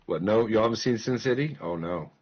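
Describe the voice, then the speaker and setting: In muffled, lo-fi stream audio, a man with a husky, fairly low voice chats casually while gaming. He's lively and profane, hopping between jokes, quick asides, and laughter.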